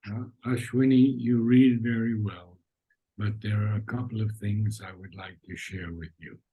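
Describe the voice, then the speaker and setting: Man, reading coach, very husky voice, dark tone, gentle corrections. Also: on the low side, fairly even intonation, normal speed, poor audio. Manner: gentle, corrective, demonstrates lines. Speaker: reading teacher. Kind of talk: coaching a reader.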